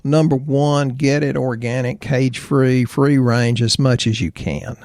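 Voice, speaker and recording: A middle-aged man with a gravelly, fry-edged voice chats on a health podcast, opinionated and full of jokes and stories. He is recorded close and dry, with no room sound. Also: medium pitch, a little slow, darkish tone, no room sound. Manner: opinionated, jokey, tells anecdotes. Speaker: podcast host, chiropractor. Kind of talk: casual health podcast chat.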